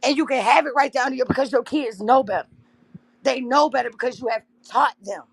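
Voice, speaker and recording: Impassioned gravelly-voiced woman livestreaming. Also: high voice, fairly quick. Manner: impassioned, addresses viewers as y'all. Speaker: livestream host. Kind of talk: emotional livestream talk to viewers.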